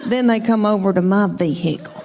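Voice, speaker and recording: A woman's voice: mid-range voice, brisk, a little mellow, slight background noise. A woman with a Southern US accent doing a folksy, exasperated stand-up story about her family. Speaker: stand-up comedian. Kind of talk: stand-up routine.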